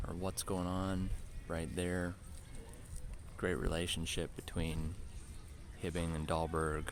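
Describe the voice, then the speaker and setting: A man giving relaxed, chatty play-by-play commentary on a youth baseball game and mixing in side stories. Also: low voice, unhurried, creaky.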